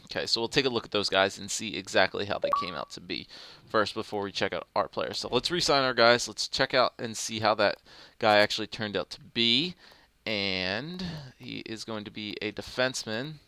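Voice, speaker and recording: Bright-voiced young man rambling over gameplay. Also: on the low side, normal speed, no room sound. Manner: thinking aloud, rambling with fillers. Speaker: gaming commentator. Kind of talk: casual gameplay commentary.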